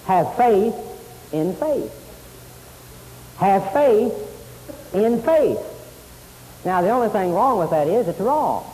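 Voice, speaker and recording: High-voiced man preaching in an echoing hall. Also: a little mellow. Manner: emphatic, repeats key phrases, quotes scripture. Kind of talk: sermon. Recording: hissy tape in a long-reverb hall.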